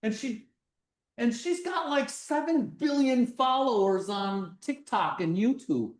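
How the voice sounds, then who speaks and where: Animated physics presenter in a roomy space. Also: medium pitch, unhurried, distant mic. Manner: animated, acts things out, projects loudly. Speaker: physics lecture demonstrator. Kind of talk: live workshop presentation. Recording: roomy sound from away from the mic.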